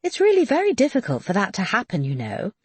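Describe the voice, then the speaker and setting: A woman voicing a poised, capable young woman who speaks politely and briskly, her lines lively in pitch. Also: breathy edge, dry recording.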